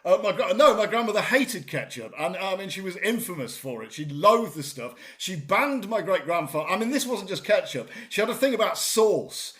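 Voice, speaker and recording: Excitable man, lively pitch. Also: normal speed, hardly any pauses. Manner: excitable, animated, stumbling repeats. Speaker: co-host. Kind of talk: comedic podcast banter.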